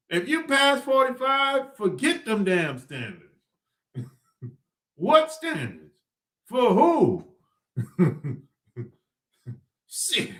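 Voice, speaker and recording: A man's voice: extremely high pitch, wildly swooping pitch, extremely slow, pauses often, fairly bright tone. A man hosting a podcast, talking in a blunt, slangy, rambling monologue and laughing often between lines. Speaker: podcast host. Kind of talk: casual monologue.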